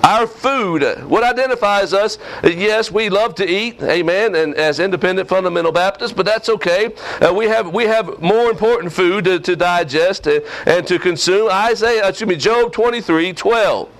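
A man's voice: high-pitched, normal speed, few pauses, a bit bright. A man preaching a sermon in an emphatic, repetitive cadence, reading scripture aloud to his congregation. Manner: preaching with a rising, emphatic cadence and repeated phrases. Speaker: pastor.

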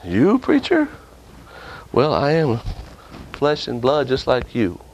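A man preaching a sermon with impassioned delivery, often jumping up and down in pitch for emphasis. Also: a little slow, slight background noise.

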